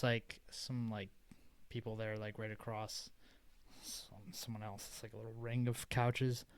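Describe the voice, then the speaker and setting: A man's voice: medium pitch, smooth, no echo. A man in his twenties, co-hosting a podcast, telling a long casual story full of filler words and swearing. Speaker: podcast co-host. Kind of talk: casual chat.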